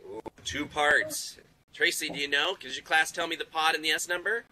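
A man's voice: fairly high pitch, normal speed, bright, forceful tone, slight background noise, poor audio. A man hosting a live online class field trip, quizzing school classes in an upbeat, encouraging way. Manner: upbeat, encouraging, praises kids. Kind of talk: live interactive quiz with classrooms.

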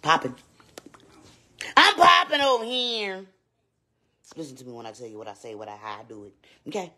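A sassy, vain woman babysitter voiced by a performer in a live-streamed comedy skit. The voice is husky and leaps wildly between low mutters and high squeals. She teases loudly and repeats her lines over and over. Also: very animated, moderate pace, heavily acted. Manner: loud, teasing, repeats lines, swoops up into squeals.

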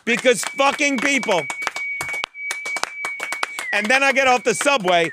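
A man, a podcast co-host telling a profane, animated comedic rant in a studio booth. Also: extremely high pitch, unhurried, very noisy. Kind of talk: comedic rant, casual chat.

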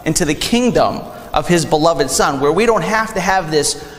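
Man, young adult, pastor, sermon, animated, acts out quotes, high-pitched, long church reverb. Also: moderate pace. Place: church sanctuary.

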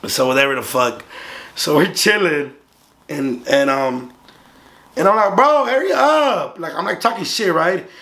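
A man's voice: a little high, unhurried, pauses often. A young man from Southern California casually telling a story as a vlogger, swearing freely and acting out the voices of the others in it. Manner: profane, animated, acts out the other voices.

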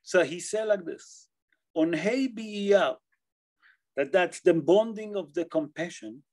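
A man teaching a Torah class as a rabbi, explaining Jewish law in a halting way, often repeating and restarting phrases and checking in with his listeners. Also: sits high, animated, a little mellow, poor audio.

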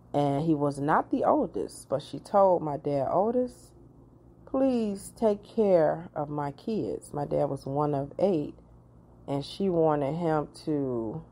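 Low gravelly therapist lady in her 40s, chatty advice, dark mellow tone. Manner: chatty, personal, animated asides to the viewer. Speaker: therapist and life coach. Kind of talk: casual advice monologue.

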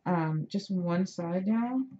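A woman's voice: on the low side, slow, warm tone. A woman hosting a casual crafting tutorial, chatty and self-deprecating as she talks while working. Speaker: craft video host. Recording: dull lo-fi home recording with noise.

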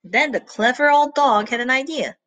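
A woman reading a children's story aloud in an animated way, pausing to ask her listeners questions. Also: high voice, no room sound, muffled recording.

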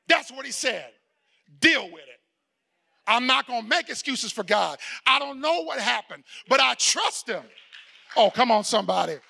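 A man preaching from the pulpit, his voice very high for a man and swinging widely in pitch. His tone is bright and edged with gravel. He tells stories and acts out the people in them, and he shouts out the key points. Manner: storytelling preacher acting out dialogue, shouting for emphasis. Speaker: pastor. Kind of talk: sermon.

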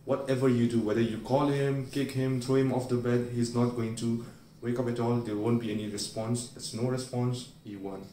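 A man's voice: medium pitch, level tone, normal speed, mellow, slight background noise. A man teaching a medical memory aid by telling everyday stories and briefly acting out the people in them. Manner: storytelling, playfully acting out everyday scenes. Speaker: medical educator. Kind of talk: explaining a memory aid with acted-out examples. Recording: roomy sound, recorded from a distance.

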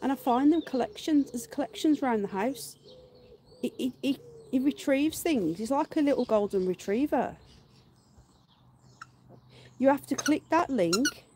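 Chatty British woman, slightly high voice. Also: lively intonation, measured pace, pauses often, mellow, a little hiss or hum. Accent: British English. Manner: chatty, laughing, swears freely. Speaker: live-stream host. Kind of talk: casual live-stream chat. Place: back garden outdoors.

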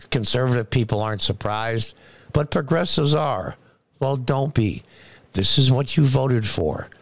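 A man with a gravelly, mid-range voice offers opinionated political commentary full of open scorn and sarcasm, hammering his points by repeating words. The recording is close and dry, with no room sound.

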